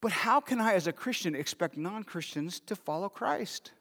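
A man's voice: high voice, expressive, normal speed, a bit bright. A man preaching a sermon as pastor, talking in a conversational way and asking the congregation questions. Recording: long hall reverb.

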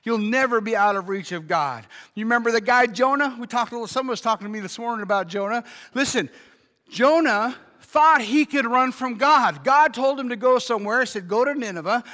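High, bright-voiced preacher in a reverberant hall. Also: male voice, a little fast. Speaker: pastor. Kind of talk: sermon.

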